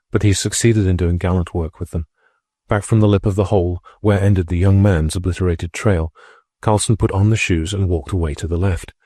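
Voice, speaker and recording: A man reading a classic novel aloud as an audiobook narrator, in a measured, steady storytelling manner. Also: deep voice, slightly rough, no echo, clean studio sound.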